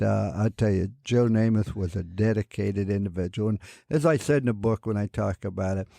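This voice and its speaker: A man's voice: lowish voice, gravelly, dark tone, no room sound, studio quality. An older man, a veteran football coach, telling stories as a radio interview guest and chuckling through his anecdotes.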